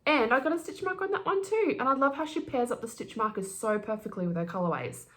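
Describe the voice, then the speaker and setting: A middle-aged woman hosting her knitting podcast, chatting quickly and gushing as she unboxes yarn. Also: fairly high pitch, expressive, a bit bright. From Australia. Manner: gushing, fast-talking, giddy. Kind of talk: casual chat, yarn unboxing.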